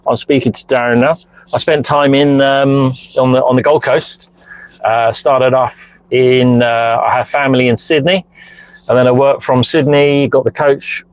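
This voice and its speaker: A man's voice: medium pitch, steady tone, measured pace, clear, resonant tone, no echo, low-quality recording. Chatty middle-aged man in a car. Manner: chatty, rambling, answers viewer messages. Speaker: car diagnostics streamer. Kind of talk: casual live-stream chat while driving. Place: inside a car, parked in a lay-by. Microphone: phone mounted hands-free in the car.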